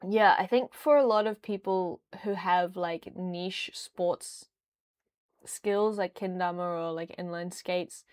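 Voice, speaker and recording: A woman's voice: fairly low pitch, steady tone, takes it slowly, darkish tone, smooth, no room sound, studio quality. A young woman chatting casually on a livestream, rambling with lots of fillers. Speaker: streamer.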